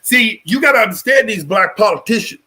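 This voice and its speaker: Host, male, lively and bright, profane preacher-style ranting. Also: high-pitched, fairly quick. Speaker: show host. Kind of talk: live political talk show rant.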